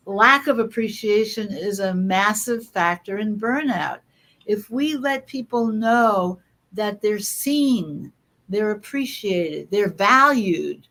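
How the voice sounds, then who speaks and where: A woman guest on an interview, speaking earnestly and emphatically with quick asides and fillers. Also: medium pitch, a bit bright. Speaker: guest author. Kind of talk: conversational interview.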